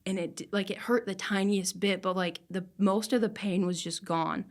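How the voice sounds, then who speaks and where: A woman's voice: medium pitch, steady tone, normal speed. Earnest young woman telling a story. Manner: earnest, emotional storytelling with laughs. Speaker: podcast guest. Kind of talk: casual chat, personal story.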